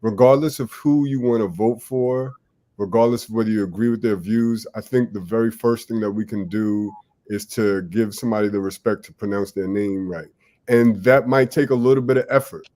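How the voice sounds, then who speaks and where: A man's voice: fairly low pitch, a little mellow. Earnest man in casual podcast talk. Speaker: podcast co-host. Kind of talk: casual chat.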